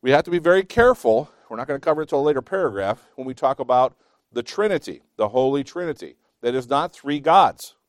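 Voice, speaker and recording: A man teaching a Bible class, reading scripture slowly with emphasis between chatty asides and small self-laughs. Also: medium pitch, lively intonation, no room sound, clean studio sound.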